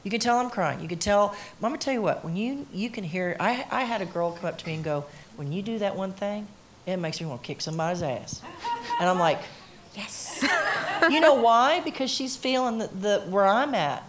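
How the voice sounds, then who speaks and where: A woman's voice: mid-range voice, a little fast, slight background noise. A middle-aged woman, a singer telling stories emphatically on a conference panel, acting out quotes. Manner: emphatic, animated storyteller who acts out quotes. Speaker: interviewee, singer. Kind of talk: candid conversation on a panel. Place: conference stage before an audience.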